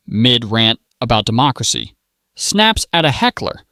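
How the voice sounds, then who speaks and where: A man's voice: a little high, big pitch swings, normal speed, a bit bright, no room sound, clean studio sound. Sarcastic male commentary narrator. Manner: mocking, punchline-driven delivery.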